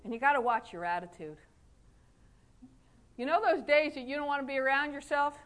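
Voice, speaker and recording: A middle-aged woman with a high voice gives a motivational speech to fellow chiropractors. She talks in a folksy, lively way, laughing often and acting out what people said to her. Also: a little fast. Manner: folksy, animated, laughs often, acts out quotes. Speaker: chiropractor giving a talk.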